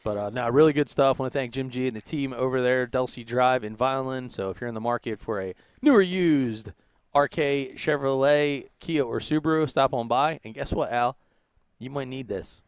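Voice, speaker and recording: A man on a live baseball broadcast joking with his partners and reading sponsor plugs in a quick, salesy way. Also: medium pitch, smooth, no echo. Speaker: sideline host reading sponsor spots.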